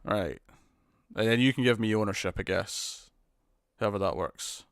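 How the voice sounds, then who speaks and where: A man's voice: on the low side, moderate pace, vocal fry, no echo, clean studio sound. A British man hosting a live stream, chatting casually through viewer comments in a rambling, hesitant way, often restarting and chuckling.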